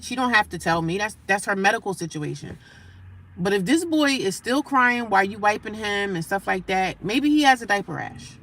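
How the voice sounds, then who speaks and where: A woman livestreaming casual talk from her daily life, animated and emphatic, repeating her points and breaking off to greet passersby. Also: mid-range voice. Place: homeless shelter area.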